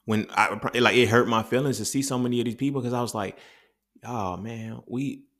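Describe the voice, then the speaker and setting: A man's voice: medium pitch, fairly even intonation, quick pace, fairly bright tone. A man, blunt and profane, talking through a solo podcast monologue. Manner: blunt, profane, preachy and emphatic. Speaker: podcast host.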